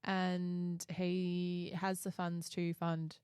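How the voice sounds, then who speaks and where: A woman's voice: lowish voice, completely flat delivery, drawn-out words, darkish tone, smooth, no echo, clean studio sound. A woman from Australia co-hosting a podcast in casual chat, rambling a bit with fillers. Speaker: podcast co-host.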